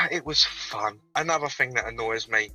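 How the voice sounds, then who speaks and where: Male caller, deadpan and sweary, very bright edge, video-call audio with faint music. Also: medium pitch, moderate pace, low-quality recording. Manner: sweary, deadpan, self-mocking banter. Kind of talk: casual call-in chat.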